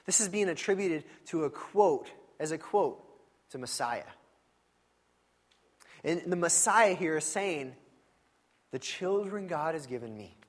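A man preaching a sermon in a church, in a conversational and animated storytelling manner with frequent asides. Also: on the high side, a little slow, long pauses. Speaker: pastor.

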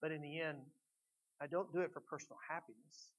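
A middle-aged man preaching a sermon as pastor, swinging between loud emphatic lines and quiet reflective ones. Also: fairly high pitch, steady tone, brisk, low-quality recording.

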